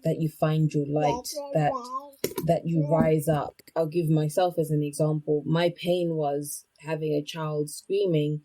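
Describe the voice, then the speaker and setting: A woman's voice: deep voice, little pitch movement, measured pace, warm tone, low-quality recording. A woman from Zimbabwe speaking as a podcast guest, reflective and searching for words as she talks. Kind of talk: personal interview talk.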